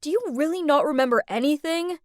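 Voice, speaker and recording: A woman voicing a gentle but creepy young man who speaks in a soft, coaxing, falsely caring way in an animated story. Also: sits high, brisk, dry recording, clean studio sound, natural voice. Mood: soothing.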